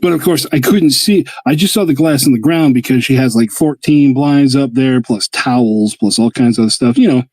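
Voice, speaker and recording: A man's voice: normal speed, hardly any pauses, no room sound, poor audio. A man, host of a hobby livestream, telling a long story in casual chat and acting out the quotes with big jumps in his voice. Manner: animated, acts out quotes with jumps in pitch.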